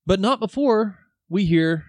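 Lively, laughing man on a dry podcast mic. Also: high voice, measured pace, no room sound. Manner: laughing, swearing, acts out film lines. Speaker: podcast co-host. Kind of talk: casual chat.

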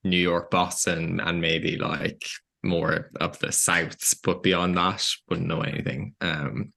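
A man with a Dublin Irish accent answers interview questions in a measured, explanatory way. His voice is low and gravelly, with a bright, forceful edge. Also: flat delivery. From Ireland. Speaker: guest, CEO of a nonprofit.

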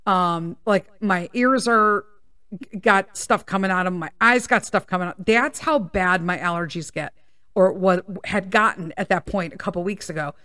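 A woman's voice: on the low side, normal speed, bright, forceful tone, clear, resonant tone, no room sound, clean studio sound. A woman hosting a casual podcast, telling personal stories in a candid, rambling way with plenty of swearing, sounding a little congested. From United States. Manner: candid, profane, rambling with tangents. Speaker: podcast host.

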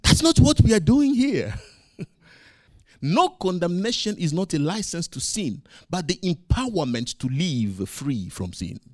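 A man preaching a sermon as pastor, swinging from loud emphasis to quiet asides and acting out his own quoted words. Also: high-pitched, very animated, unhurried, dry recording, clean studio sound.

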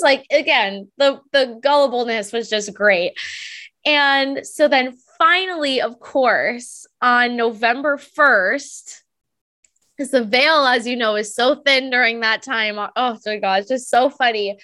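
A young woman, a medium and podcast guest, telling a personal story in a casual, animated way with frequent laughs and lots of "like" fillers. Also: a little high, measured pace.

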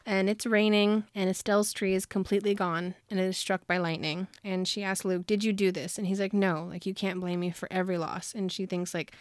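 A woman's voice: mid-range voice, little pitch movement, fairly quick, few pauses, no room sound, clean studio sound. A woman casually retelling a novel's plot on a podcast, chatty and giggly, leaning on "like" a lot. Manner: chatty, giggly, heavy use of "like". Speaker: podcast co-host. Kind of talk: casual book discussion.

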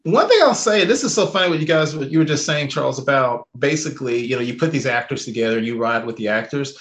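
A man co-hosting a podcast in casual chat, eager and lively, acting out lines he quotes. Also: mid-range voice, quick pace. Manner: enthusiastic, acts out quoted lines. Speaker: podcast co-host. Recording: roomy echo.

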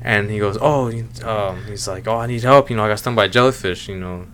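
A fast-talking man with a lowish voice co-hosts a casual podcast, animatedly retelling a story and acting out the voices of the people in it. A little hiss or hum runs beneath the recording.

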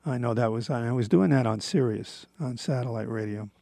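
A man's voice: medium pitch, normal speed, vocal fry, warm tone, no echo, clean studio sound. An older man hosting a recorded radio show, talking in a rambling, casual monologue full of fillers and restarts.

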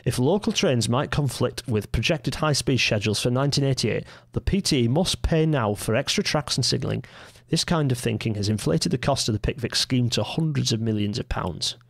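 A man doing a Mancunian rail magazine editor from the 1970s, reading a stern comment aloud. The voice is gravelly at a middling pitch, and the recording is dry and close. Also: expressive, fairly quick, no echo. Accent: Mancunian, put on. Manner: reading aloud in a put-on local accent.

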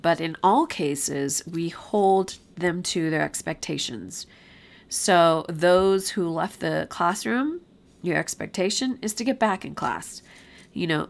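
A woman podcast host with a nasal voice from a cold, talking in a direct, friendly way about classroom behavior. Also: lowish voice. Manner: friendly, direct, with fillers like um and you know. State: has a cold. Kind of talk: podcast talk, casual teaching.

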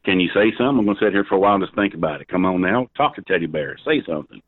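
A man, rambling loudly and crudely on a phone call and cackling between lines. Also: low-pitched, lively intonation, very fast, husky, no echo. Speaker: prank call target. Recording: tinny dry phone line.

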